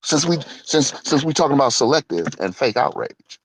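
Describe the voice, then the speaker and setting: A man's voice: mid-range voice, sing-song, a little fast, no echo. A middle-aged man telling a heated, profane story in an angry monologue, mocking the people he quotes. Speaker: online show host.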